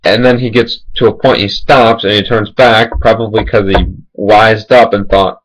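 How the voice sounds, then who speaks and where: A man's voice: lowish voice, steady tone, moderate pace, hardly any pauses, rough recording. A young man telling casual, rambling personal stories, full of "like" and "you know". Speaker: vlogger. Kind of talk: casual storytelling.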